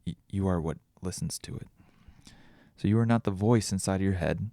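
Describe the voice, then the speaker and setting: A man's voice: low voice, brisk, mellow, dry recording, studio quality. A tired man hosting a podcast alone, rambling and thinking aloud with many restarts. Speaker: podcast host. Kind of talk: casual solo reflection.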